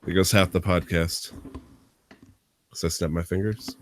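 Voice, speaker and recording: A man's voice: low-pitched, fairly even intonation, measured pace, a little hiss or hum. A young man hosting a casual podcast, teasing his co-host and joking around. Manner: joking, teasing, hypes himself up.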